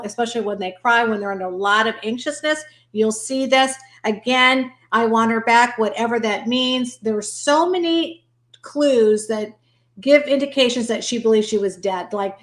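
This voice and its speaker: A woman's voice: a little high, fairly bright tone. A woman guest explaining behavioral cues methodically in a panel discussion. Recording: echoey room.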